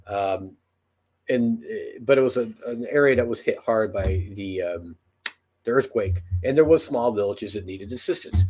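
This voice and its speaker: Husky, rambling storyteller man. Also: fairly low pitch, normal speed, darkish tone. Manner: rambling, profane, lots of fillers and restarts. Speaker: podcast host. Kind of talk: casual storytelling.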